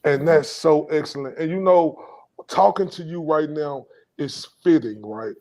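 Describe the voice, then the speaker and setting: A man's voice: on the high side, a little slow, a little mellow. A man hosting a podcast, asking a guest long, rambling questions. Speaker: podcast host. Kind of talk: interview questions. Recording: dull lo-fi sound.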